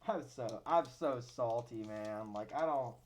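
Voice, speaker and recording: Young male streamer, casual swearing gameplay chatter, mid-pitched, keyboard clicks behind. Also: a little slow, slight background noise. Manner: animated, swears, mock-dramatic complaints. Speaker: gaming streamer. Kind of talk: casual live gameplay commentary.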